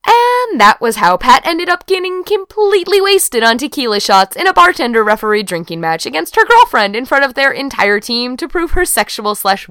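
Woman, audiobook narrator, smooth voice, lively intonation, dry close studio sound. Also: mid-range voice, no room sound.

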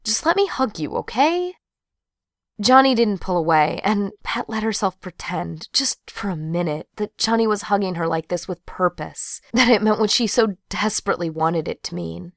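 A woman narrating an audiobook in an even storytelling read. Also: fairly low pitch, moderate pace, creaky, hardly any pauses, no echo, studio quality. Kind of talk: scripted narration.

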